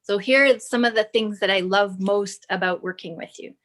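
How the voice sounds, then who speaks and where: A woman in her thirties, a fitness client, talking slowly and thoughtfully in a casual chat and at times reading from her notes. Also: medium pitch, a bit bright. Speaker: client giving a testimonial. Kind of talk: casual video call chat.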